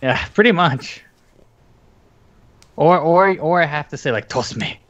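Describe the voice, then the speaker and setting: A man's voice: on the high side, measured pace, fairly bright tone, dull audio, slight background noise. A man co-hosting a casual podcast about tabletop games, talking in a rambling, hesitant way with many fillers. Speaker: podcast co-host.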